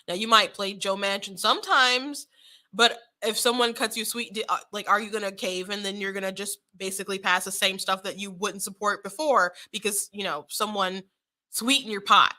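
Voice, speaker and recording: A woman's voice: medium pitch, pushed and bright. A young woman giving casual political commentary, chatty, often laughing and restarting her sentences.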